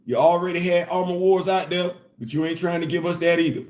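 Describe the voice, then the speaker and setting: Hosting a casual commentary in a roomy, echoey room, this animated man talks a little fast with few pauses, his voice pitched slightly high for a man. He repeats the same phrases again and again and breaks into laughs.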